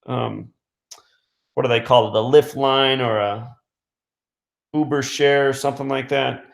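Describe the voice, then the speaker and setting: A man's voice: medium pitch, steady tone, unhurried, vocal fry. A man host telling a long story in a loose, casual way, full of fillers, restarts and small chuckles. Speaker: radio host. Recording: roomy echo.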